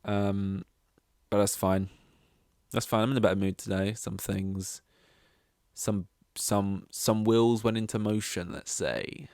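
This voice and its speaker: A man's voice: on the low side, steady tone, slow pace, darkish tone, no echo, clean studio sound. A man hosting a solo podcast, rambling and self-deprecating, swearing casually. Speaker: podcast host.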